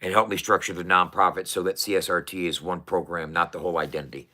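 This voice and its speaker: A man talking casually to camera, profane and excitable, often restarting his sentences. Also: deep voice, fast. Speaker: vlogger.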